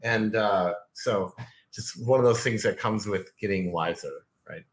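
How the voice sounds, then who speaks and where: A man's voice: fairly low pitch, a little slow. A man who is a guest on an interview podcast, chatting casually in a rambling way over a video call. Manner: rambling, full of fillers and restarts.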